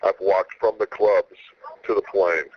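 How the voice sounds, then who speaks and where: A man's voice: sits low, fairly even intonation, a little slow. A man talking casually as a guest in an interview, laid-back and rambling, with many stammered restarts. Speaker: wrestler guest. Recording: slightly muffled radio audio with faint hiss.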